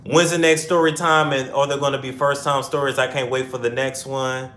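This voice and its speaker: A man's voice: mid-range voice, little pitch movement, fairly quick, fairly bright tone, a little hiss or hum. A young man hosting a casual livestream chat, reading viewer comments aloud and answering in rambling asides. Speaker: host. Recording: echoey room.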